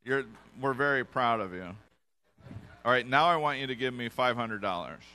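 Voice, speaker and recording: A man preaching a casual sermon to a congregation, relaxed and joking, often restarting his sentences. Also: mid-range voice, moderate pace. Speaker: pastor. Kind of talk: casual sermon with audience volunteers. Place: church in front of a congregation.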